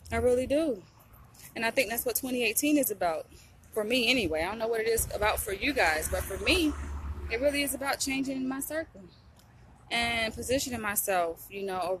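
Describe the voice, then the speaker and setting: A woman's voice: high voice, fairly bright tone, a little hiss or hum. A young woman, vlogging to camera in a blunt, preachy way, often asking if you get what she's saying. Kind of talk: casual talk to camera.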